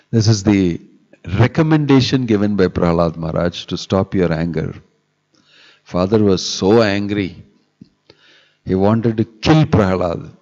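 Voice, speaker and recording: A man's voice: low-pitched, slow pace, long pauses, darkish tone. A man, a monk, giving a sermon on scripture, reciting Sanskrit verses and repeating key phrases with rhetorical questions. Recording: dull lo-fi live webcast audio.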